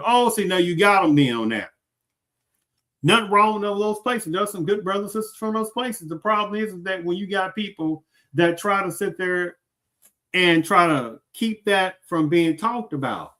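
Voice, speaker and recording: A man's voice: high voice, lively intonation, moderate pace, a bit bright. A man hosting a commentary show, reacting to a clip and asking his audience repeated rhetorical questions. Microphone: streaming setup.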